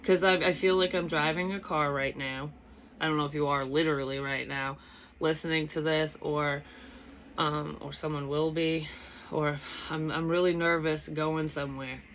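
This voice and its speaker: A young woman talks her way through a psychic reading in a low voice, circling back and restarting as she thinks aloud. She swears casually and never sounds scripted. A faint hiss of noise sits behind her. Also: fairly even intonation, normal speed, a bit bright. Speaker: psychic medium reader. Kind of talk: casual spoken tarot reading.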